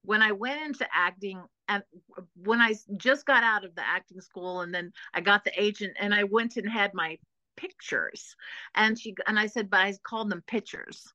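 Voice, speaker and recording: A woman's voice: mid-range voice, normal speed, bright, forceful tone, no echo, highs cut off. A woman from Texas hosting a casual interview, bubbly and full of filler words. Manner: bubbly, lots of "like" and restarts. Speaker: podcast host.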